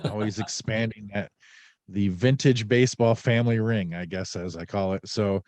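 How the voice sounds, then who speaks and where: Low-voiced guy hosting a podcast, feeling a bit sick, rambly and jokey, dry sound. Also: steady tone, normal speed, darkish tone, dry recording. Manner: rambling, joking, with many "uh" fillers. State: a bit under the weather. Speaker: podcast host. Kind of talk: casual podcast chat.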